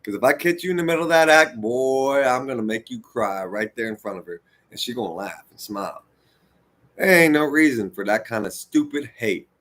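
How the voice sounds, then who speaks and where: A fired-up American vlogger in his forties rants to camera unscripted, lecturing his viewers in a heated, profane, rambling and preachy way. His voice is mid-range and fairly bright, and he talks a little fast.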